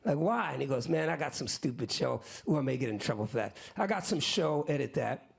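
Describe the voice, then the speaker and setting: A man's voice: mid-range voice, a little fast, creaky, breathy edge. A man in his fifties, a musician, telling a story on stage to an audience in casual, slangy talk, acting out what other people said in the conversations he recounts. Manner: animated, acts out other people's lines in quotes. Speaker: musician guest.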